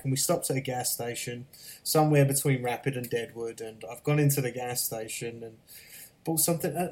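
A man's voice: mid-range voice, darkish tone. A man from the UK whose accent has drifted toward American, chatting casually and telling stories, often repeating his first words before a sentence gets going. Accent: mixed British and American. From United Kingdom. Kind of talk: casual chat.

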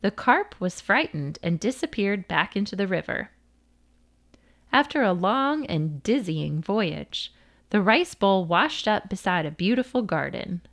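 A woman narrating children's stories and facts in a clear, deliberate, sing-song reading style. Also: mid-range voice, lively intonation. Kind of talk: children's storytelling and fact narration.

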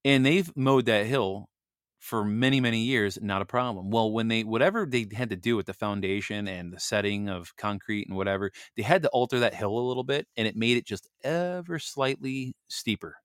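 A man's voice: lowish voice, normal speed, smooth, no echo, studio quality. A man hosting a Bible devotional show, telling a story casually with many fillers and reading scripture aloud. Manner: rambling storyteller, many "you know" fillers.

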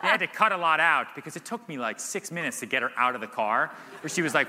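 A man in his thirties, a guest at a live event, telling stories in a lively way, laughing often and filling his talk with "like". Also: fairly high pitch, brisk. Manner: animated storyteller, laughs often, many "like" fillers. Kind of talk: live Q&A storytelling. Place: event stage. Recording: reverberant hall.

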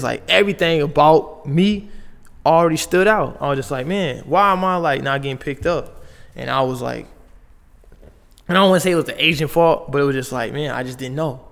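A man's voice: on the high side, vocal fry, fairly bright tone, long reverb tail. A young man from Las Vegas, a basketball player telling his story in loose, slangy casual talk full of fillers and restarts. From Las Vegas, USA.

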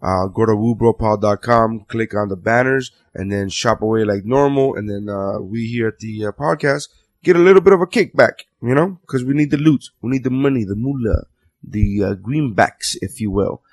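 A man's voice: lowish voice, normal speed. A man hosting a podcast, reading sponsor plugs casually with lots of fillers. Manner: loose, filler-heavy, rambling plugs. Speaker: podcast host. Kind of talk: casual chat.

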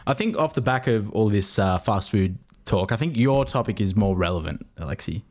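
A man co-hosting a casual podcast, easygoing and quick to giggle. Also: fairly low pitch, expressive, a little mellow. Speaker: podcast co-host. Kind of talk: casual chat.

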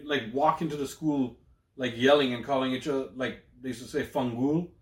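A man's voice: medium pitch, fairly even intonation, fairly quick, roomy sound. A Canadian man co-hosting a podcast, telling loose, profane stories full of slang in casual chat. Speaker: podcast co-host.

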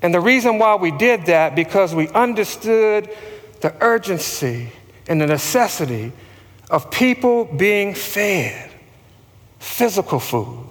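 A male pastor preaching a sermon, slow and emphatic, calling on the congregation to repeat after him. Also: high-pitched, lively intonation, in a large hall.

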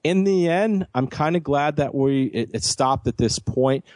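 A man's voice: mid-range voice, expressive, a little slow, darkish tone, no echo. A man co-hosting a podcast, reviewing a cartoon series in a rambling casual chat full of fillers and restarts. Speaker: podcast co-host.

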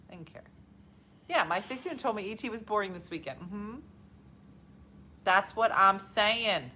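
A woman in her forties chatting casually as co-host, animated and acting out her own reactions. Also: mid-range voice, unhurried, pauses often. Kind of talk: casual chat.

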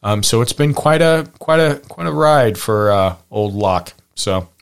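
A man's voice: lowish voice, animated, measured pace, gravelly, smooth. A man hosting a podcast, chatting casually from his notes with plenty of fillers and wry little asides. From Pacific Northwest. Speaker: podcast host. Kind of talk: casual chat reading from notes.

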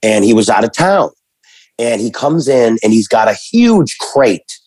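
A man recounts family anecdotes in a loose, animated way, full of fillers and false starts. His voice is husky, and the sound is dry and close with no room around it. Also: mid-range voice, a little slow, dry recording, rough recording. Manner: rambling, animated storytelling with many restarts and fillers. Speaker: guest telling family stories. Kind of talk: casual conversation.

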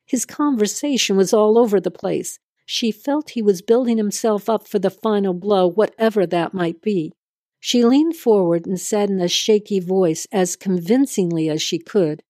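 Woman narrator, scripted story reading, mellow tone, dry close sound. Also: mid-range voice, normal speed, dry recording.

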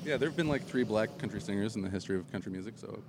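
A man in casual conversation, telling jokey stories in an animated way. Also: fairly low pitch, very fast, crowd noise. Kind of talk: casual chat.

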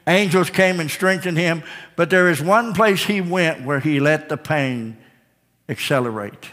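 Guy preaching, high bright voice, echoey church hall, gets loud and shouty. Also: unhurried. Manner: preaching with call-outs, building to shouted climaxes. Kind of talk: sermon.

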